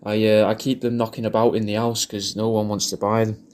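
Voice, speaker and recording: A man's voice: lowish voice, flat delivery, brisk, darkish tone. A man rambling through a crude comic birthday message, repeating himself as he goes. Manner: rambling, repeats himself, crude jokes, puts on silly voices in quotes. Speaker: comedian recording a personalised video message.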